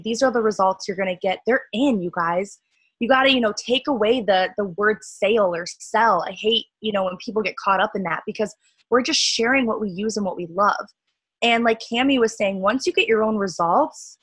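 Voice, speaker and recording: A young woman leading a sales team call, chatty and upbeat with lots of fillers, her voice cracking and a bit hoarse. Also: medium pitch, fairly bright tone, no echo, rough recording.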